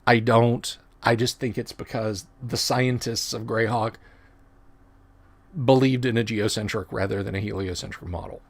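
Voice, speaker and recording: A man's voice: fairly low pitch, fairly even intonation, normal speed. A middle-aged man hosting a casual livestream, talking in a rambling, chatty way and often correcting himself mid-sentence. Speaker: livestream host.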